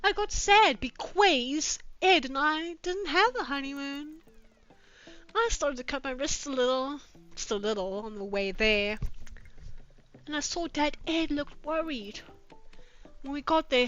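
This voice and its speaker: A young woman streamer reads fanfiction aloud with sarcastic, profane, deadpan asides. Her voice is high and her pace unhurried. The sound is dull and lo-fi, with faint music underneath. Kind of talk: comic dramatic reading with commentary.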